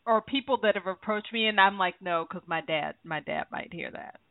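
A woman's voice: medium pitch, moderate pace, creaky, background noise. A woman hosting a talk show, asking questions and chatting candidly with her guest. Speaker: show host. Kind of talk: radio interview talk. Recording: tinny phone-like radio sound.

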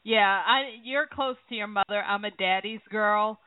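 A woman's voice: mid-range voice, unhurried, no room sound. Chatty female radio host, tinny sound. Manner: chatty, candid. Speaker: show host. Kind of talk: radio interview talk.

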